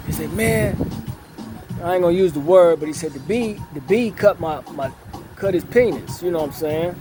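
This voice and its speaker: Middle-aged man telling a long story in a slow, filler-heavy drawl, voice sitting a little high, music under him. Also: poor audio. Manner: unhurried storyteller with a drawl, many fillers and repetitions. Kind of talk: casual storytelling. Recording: music playing in the background.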